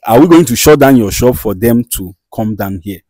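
A man playing an interpreter in a skit, speaking slowly and deliberately with repetitions. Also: medium pitch, expressive, dark tone, no room sound, natural voice, rough recording. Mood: measured. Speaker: interpreter for the diviner.

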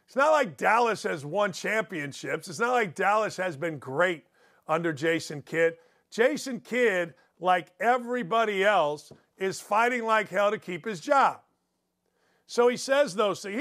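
A man's voice: high voice, animated, unhurried, fairly bright tone. A middle-aged man hosting a sports talk show, giving a blunt, opinionated commentary monologue and drifting into stories. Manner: blunt, opinionated, rambling storyteller.

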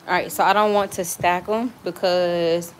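This vlogger has a lowish, steady voice at normal speed, with a little hiss or hum on the recording. She cooks at home and talks casually, full of slang, to viewers and her kids between steps, and her nearby phone camera is occasionally set down.

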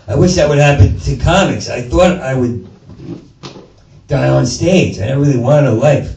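His mid-range voice is gravelly and dark, moving at a normal speed, as this comedian stumbles through a digressive bit, swearing and stammering along the way. He performs before an audience in a small venue. A distant mic yields roomy audio with some faint noise.

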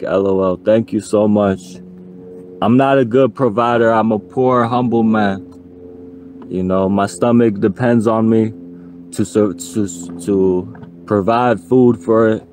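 A man's voice: on the low side, a little mellow, a little hiss or hum. A man chatting casually on his livestream, pleading for donations and joking along the way. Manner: pleading and joking, slow drawl.

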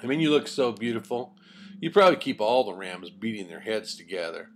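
A man voicing a sly male wolf who flatters smoothly while posing as a handsome ram. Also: on the low side, brisk, faint music behind, close to an everyday voice. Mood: flattering.

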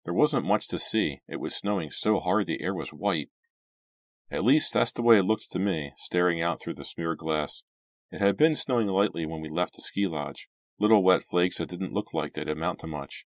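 A man narrating a horror novel as an audiobook, friendly and measured. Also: sits low, dry recording, studio quality. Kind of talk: reading a horror novel aloud.

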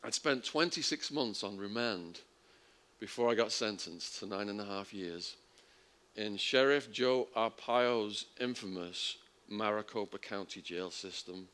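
A middle-aged Englishman with a fairly low voice tells a gripping story to an audience. He acts out the voices of the people in it, with sudden jumps in pitch and loudness. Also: unhurried. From England. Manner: vivid storytelling, acting out the quoted voices with big jumps in pitch and volume. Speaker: speaker at a public talk. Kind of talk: storytelling talk.

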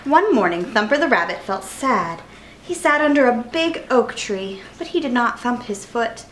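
A woman reading a children's picture book aloud with clear, expressive narration. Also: a little high, moderate pace, a little hiss or hum, poor audio. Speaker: storyteller.

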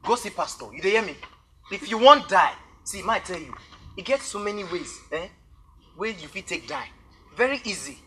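A man's voice: high-pitched, expressive, moderate pace, pushed and bright, slight background noise. An actor playing a blunt, streetwise man who speaks Nigerian Pidgin and talks down to his friend. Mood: scolding. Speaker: Lemon, a partner in crime. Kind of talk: Nollywood film acting.

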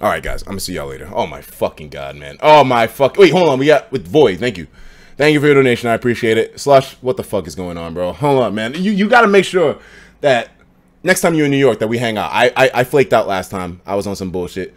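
A young man streaming casually from his apartment, tipsy after drinks, talking loosely and profanely, jumping between loud outbursts and low mumbles. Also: very animated, fast talker. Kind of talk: casual live-stream chat. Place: home apartment.

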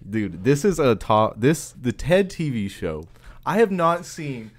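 A man's voice: mid-range voice, very animated, a little slow, very noisy. A man co-hosting a podcast, chatting casually with emphatic, profane enthusiasm. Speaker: podcast co-host. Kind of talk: casual chat.

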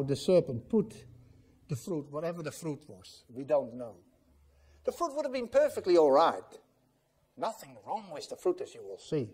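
A man delivers a church sermon, slow and deliberate, his fairly high voice rising and falling widely. The tone is mellow and dark, and he presses his points with rhetorical questions to the congregation. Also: husky. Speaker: pastor.

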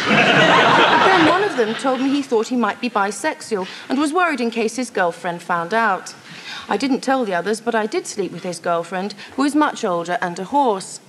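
A woman performs in a live TV comedy with a breezy, mock agony-aunt manner. Her voice sits a little high and moves with lively pitch. The old broadcast carries heavy hiss. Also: normal speed. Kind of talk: live studio sketch comedy. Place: TV studio stage with live audience. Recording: TV studio broadcast, loud hiss.

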